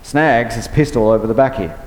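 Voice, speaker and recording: A man's voice: mid-range voice, a little fast, a little mellow, slight background noise, close to an everyday voice. A man voicing a crude, exasperated grown man in a reading, in a reverberant room. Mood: annoyed. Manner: blunt, exasperated.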